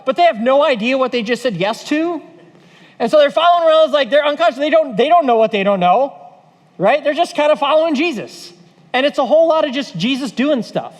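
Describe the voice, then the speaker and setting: Animated high-voiced pastor in a reverberant room. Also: male voice. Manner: conversational, animated, acts out quoted voices. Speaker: pastor leading leader training. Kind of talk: church training talk.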